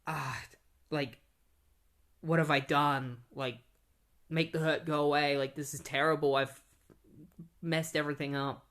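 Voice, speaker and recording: A man's voice: a little high, level tone, unhurried, long pauses, fairly bright tone. A man briefly voicing a distraught young superheroine while retelling a comic.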